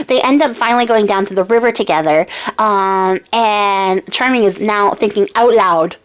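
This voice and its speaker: A woman's voice: mid-range voice, moderate pace, smooth. A young woman retelling a fairy tale casually, chatty, full of fillers, talking straight to her viewers. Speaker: storyteller host.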